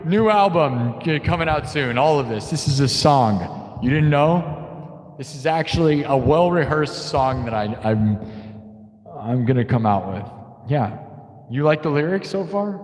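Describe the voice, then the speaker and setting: A man's voice: fairly high pitch, expressive, measured pace. A young man hosting a casual livestream, rambling and silly, laughing at his own jokes. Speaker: livestream host and improv musician.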